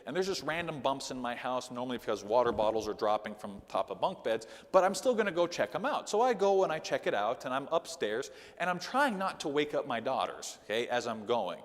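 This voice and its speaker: A man's voice: mid-range voice, fairly quick, few pauses, in a large hall. A man teaching a Sunday school lesson in a conversational sermon style, often checking in with "okay?". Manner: animated, conversational, with frequent "okay?" asides. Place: church hall.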